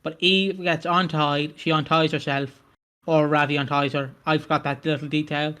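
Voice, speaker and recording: Man, podcast co-host, casual recap, rambling, self-correcting, fairly high voice. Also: level tone, normal speed, pushed and bright, clean tone.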